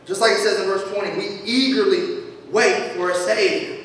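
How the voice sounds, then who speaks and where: A man preaching a sermon as pastor, animated and humorous, swinging between shouts and quiet asides. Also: sits high, moderate pace. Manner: humorous storytelling. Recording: echoey hall from far off, faint noise.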